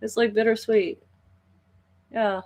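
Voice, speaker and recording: A woman casually retelling an anime plot as a spiritual vlogger, animated and rambling with restarts. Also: fairly high pitch, slow pace.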